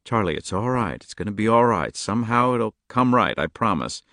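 A man's voice: on the low side, lively intonation, moderate pace, fairly bright tone, no echo, studio quality, pitched above the performer's own voice. A man voicing a shaken father who comforts his daughter in an audiobook. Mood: soothing. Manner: soothing, strained. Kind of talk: audiobook character voice.

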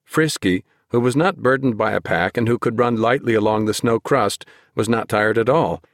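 A man narrating an audiobook in a measured storytelling manner, close to the microphone. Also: medium pitch, no echo. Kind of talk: scripted narration.

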